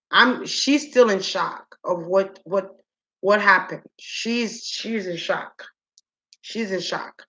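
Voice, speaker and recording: A mid-range, fairly bright female voice comes through a rough recording as she gives an informal spiritual reading. She reflects aloud, drawing out each word and speaking straight to the spirits.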